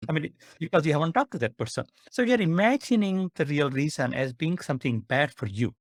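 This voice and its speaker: A man, a psychiatrist guest, explaining with worked examples in an earnest manner, pausing with "uh". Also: a little high, dry recording, clean studio sound. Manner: earnest and animated, with "uh" pauses.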